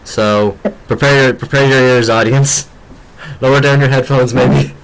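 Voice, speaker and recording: A man hosting a casual fan podcast, talking at an ordinary middle pitch. He keeps tripping over his words and restarting, and he jokes with the others as he goes. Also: steady tone, a little slow, gravelly, low-quality recording. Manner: stammering, joking, restarts often. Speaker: podcast host.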